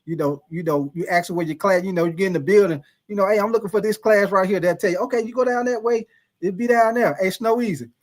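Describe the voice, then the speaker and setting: A man hosting a livestream tells his chat a profane story in a casual, animated way, laughing often and calling out viewers by name. His voice is high and fast.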